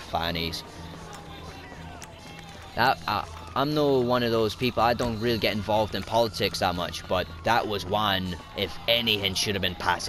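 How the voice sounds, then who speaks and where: A young Scottish man with a Scottish accent, giving sweary, rowdy commentary over his gameplay. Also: on the low side. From Scotland. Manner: sweary, rowdy, shouts at the game. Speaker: gaming YouTuber.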